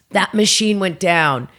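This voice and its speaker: A woman's voice: mid-range voice, slow. A woman comedian telling stories from her work in a casual podcast chat, laughing as she goes and acting out the people she quotes. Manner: animated storyteller, laughs mid-sentence, acts out quoted people; frequent "like" fillers. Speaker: comedian guest.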